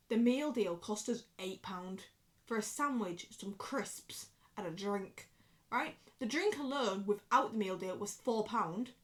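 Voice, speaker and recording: A woman's voice: a little high, a bit bright. A British woman in her twenties ranting casually to the camera, swearing freely and going off on rambling tangents. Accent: British English. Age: 20s. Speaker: vlogger.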